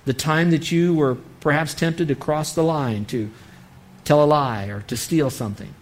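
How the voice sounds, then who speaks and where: Speaking at a normal speed in a somewhat high voice, this pastor delivers a parenting sermon. With earnest conviction, he plays out parent-child dialogue.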